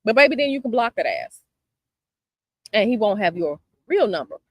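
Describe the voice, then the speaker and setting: Outdoors by a palm tree, with planes flying overhead, a Chicago woman running a tarot channel talks casually to her viewers. Her mid-range voice is sing-song and moderately paced, sassy and emphatic as she repeats her advice. The recording is dry.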